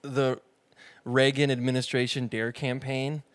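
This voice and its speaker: A man's voice: mid-range voice, level tone, measured pace, clear, resonant tone. A man co-hosting a podcast in casual chat, cutting in with jokes. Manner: joking interjections. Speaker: podcast co-host.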